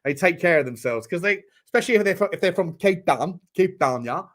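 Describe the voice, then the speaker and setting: A man's voice: high voice, lively intonation, quick pace, fairly bright tone. A man hosting a casual football watchalong stream, rambling and joking with frequent stammering restarts. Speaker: football channel host.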